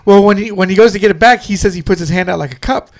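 A man's voice: sits high, very fast. A man co-hosting a podcast in casual chat, laughing often and retelling stories with quoted lines. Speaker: podcast co-host.

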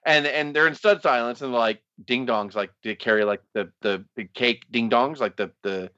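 A man's voice: medium pitch, normal speed, pushed and bright, highs cut off. A man co-hosting a casual wrestling podcast, profane and laughing, ranting and slipping into mocking voices. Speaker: podcast co-host.

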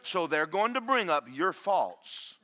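Pastor, man, booming voice, bright and animated, joking at his own expense. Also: takes it slowly. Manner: loud, booming preacher with self-deprecating humor. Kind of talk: sermon. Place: church.

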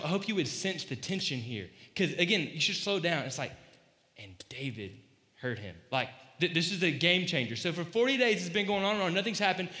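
A man giving a casual, animated sermon, joking and acting out quoted lines as he retells a story. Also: high-pitched. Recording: echoey hall, voice slightly distant.

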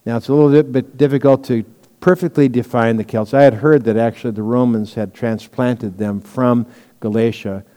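A man's voice: medium pitch, fairly even intonation, normal speed, warm tone, big-room sound. A man preaching a sermon as pastor, teaching in a conversational way with stories and asides.

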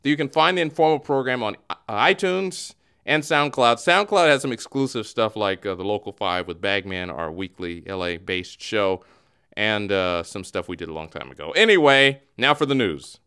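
Animated ranting man hosting a sports show. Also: fairly low pitch, moderate pace, clear, resonant tone. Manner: animated, ranting with mock voices. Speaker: podcast host. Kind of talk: casual sports talk show.

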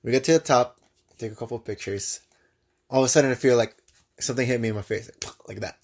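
A young man co-hosting a podcast, telling a travel story in casual chat, with lively bursts and frequent restarts. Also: mid-range voice, fast talker. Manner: animated storyteller with many restarts. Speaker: podcast co-host.

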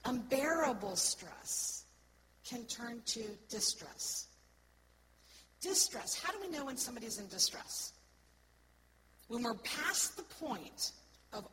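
An earnest woman speaking to a church congregation in a slightly high voice. She keeps checking in with her listeners and drops to soft, slow phrases before pushing key words loudly. The live recording carries a clear hiss of room noise behind her. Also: sing-song, low-quality recording. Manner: earnest, asks the congregation "right?" often; swings between soft, slow words and loud stressed ones. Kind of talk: sermon-style teaching.

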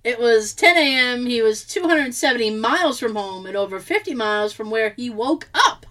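A woman chats in a casual storytelling way, her voice sitting high and swinging widely up and down. She laughs easily and drops the odd swear word as she talks. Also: expressive, normal speed, fairly bright tone, poor audio. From Boston.

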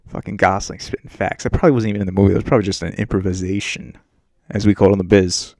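Male podcast host, low voice, dry close mic; crude, rambling, self-mocking casual rant. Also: flat delivery, racing, a little mellow, no echo. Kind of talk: casual profane movie rant. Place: home setup while on a muted work meeting.

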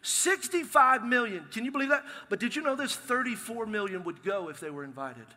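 High, bright-voiced preaching man. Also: brisk. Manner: lively, joking, emphatic preaching. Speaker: pastor. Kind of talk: sermon. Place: large church sanctuary. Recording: long hall reverb from a live sanctuary.

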